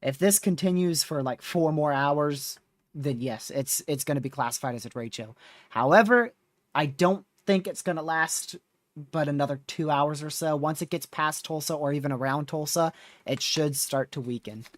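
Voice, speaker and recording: A man's voice: on the high side, normal speed, no room sound, studio quality. A man hosting a live severe-weather stream, talking casually with viewers while reading radar, his voice starting to wear out. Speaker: livestream host.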